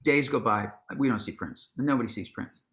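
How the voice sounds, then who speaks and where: A man telling a long anecdote in an onstage conversation, casual and profane, acting out what people said with sudden jumps in his voice. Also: moderate pace. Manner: animated storyteller, acts out quotes with big pitch jumps; casual, swears freely, restarts sentences. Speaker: guest, musician and author.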